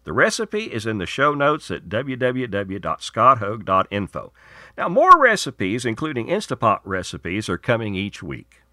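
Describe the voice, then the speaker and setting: A man's voice: fairly low pitch, very animated, normal speed, bright, forceful tone. A man hosting his radio show, reading segments and promos in a folksy, earnest, persuasive way.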